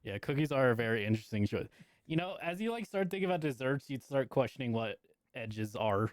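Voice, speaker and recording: A man's voice: mid-range voice, very animated, brisk, dry recording. A man co-hosting a live stream, chatting playfully and laughing through his sentences. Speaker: stream co-host. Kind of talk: casual chat.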